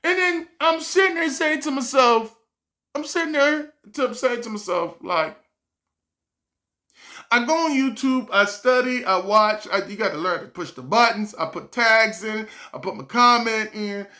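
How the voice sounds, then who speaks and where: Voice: medium pitch, unhurried, sharp tone. An adult vlogger telling a stressed, rambling storytime, acting out what other people said and often sighing or laughing. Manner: sighs and laughs while talking. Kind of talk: storytime vlog.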